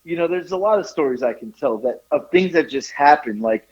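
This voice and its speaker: A man telling a funny story on a podcast, animated and often laughing at his own tale. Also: on the high side, fairly quick, lo-fi sound. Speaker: podcast co-host. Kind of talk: casual storytelling chat.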